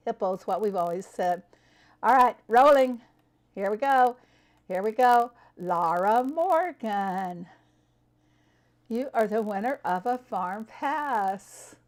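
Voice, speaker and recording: A woman streaming a farming game, chatting casually with her viewers, answering them by name and laughing often. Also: medium pitch. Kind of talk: casual live-stream chat.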